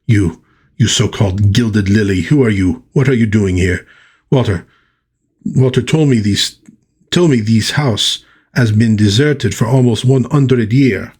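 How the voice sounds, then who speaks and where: A man's voice: fairly low pitch, a little slow, darkish tone, slightly rough. A man reading a comic aloud, voicing an alarmed young woman superhero with a put-on French accent in an urgent, questioning manner. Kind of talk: dramatic comic book reading.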